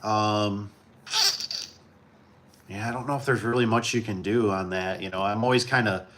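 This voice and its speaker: A man from Michigan hosting a casual livestream, talking in a relaxed, rambling way and chuckling often. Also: fairly low pitch, normal speed, heavy background noise. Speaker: livestream host.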